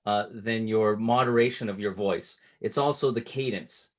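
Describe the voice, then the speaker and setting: A man coaching a client on closing sales, explaining patiently and acting out sample pitches at different speeds. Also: moderate pace. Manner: instructive, shifts cadence to demonstrate pitches. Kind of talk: casual coaching call.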